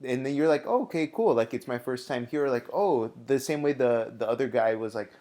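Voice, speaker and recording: Young co-host, medium voice, relaxed and supportive banter. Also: medium pitch, a little fast. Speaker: podcast co-host. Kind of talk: casual chat.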